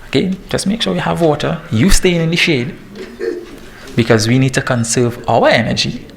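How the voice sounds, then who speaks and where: A man in his thirties, a fitness trainer giving a lively, joking talk to parents. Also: fairly high pitch, moderate pace, creaky, a little hiss or hum. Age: 30s. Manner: lively and joking, laughs at himself. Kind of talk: presentation to parents.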